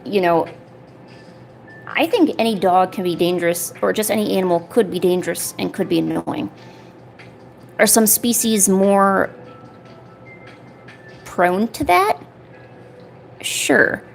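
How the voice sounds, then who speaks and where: A woman's voice: medium pitch, takes it slowly, vocal fry, long pauses, faint music behind. A woman art streamer chatting casually while she works on a paper craft, rambling along and filling her talk with "you know" and "like".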